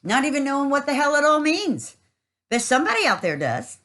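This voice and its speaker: A woman's voice: sits high, huge pitch swings, fairly quick, fairly bright tone, rough recording. A woman giving a rambling, casual spiritual monologue, earthy and swearing freely.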